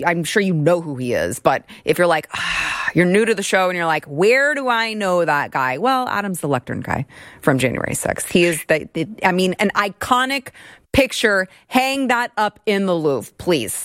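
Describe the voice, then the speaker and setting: A woman's voice: on the low side, moderate pace, no echo, studio quality. A woman hosting a political talk radio show, speaking in a sarcastic, opinionated way. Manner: sarcastic, animated, mocking voices.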